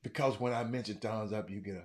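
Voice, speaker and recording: A man hosting a livestream, stammering and repeating himself, muttering low one moment and shouting the next. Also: fairly even intonation, fairly quick. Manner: repetitive, stammering, talks straight to viewers; swings from quiet muttering to loud shouting. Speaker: livestream host. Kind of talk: casual livestream chat.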